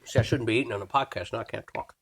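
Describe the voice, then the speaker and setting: A man co-hosting a comedy podcast, swearing a lot and slipping into loud mock rants. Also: mid-range voice, racing, gravelly, slightly rough. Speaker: podcast co-host. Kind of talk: crude comedic banter.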